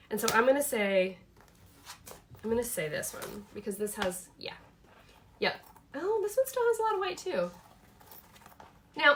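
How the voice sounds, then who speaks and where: A woman's voice: a little high, a little hiss or hum. A woman, hosting a casual live product chat from her home office. She is chatty and enthusiastic, thinking aloud with many fillers. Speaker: host showing her planner products.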